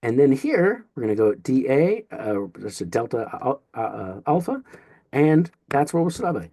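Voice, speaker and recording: A man's voice: medium pitch, big pitch swings, normal speed, mellow, no room sound, clean studio sound. A man teaching a recorded Greek lesson, explaining in a playful, jokey way and sounding out syllables as he goes.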